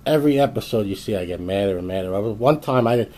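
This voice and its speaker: Man, low voice, mellow tone, casual exasperated rant, YouTube host telling a story. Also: lively intonation, fast, slight background noise. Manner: exasperated, ranting, lots of restarts.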